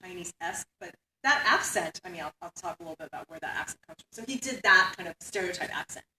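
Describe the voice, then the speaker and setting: A woman's voice: fairly low pitch, very animated, fast, sharp tone. Woman lecturing in an echoey hall. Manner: conversational, tags points with "right?". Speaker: keynote speaker, academic. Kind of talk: conference lecture. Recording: echoey hall, distant mic, faint hiss.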